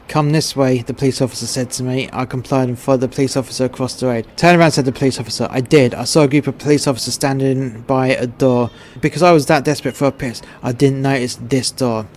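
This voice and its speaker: Flat-voiced English man, blunt narration. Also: mid-range voice, quick pace, few pauses, slight background noise. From England. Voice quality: crude, blunt. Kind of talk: scripted narration of a short story.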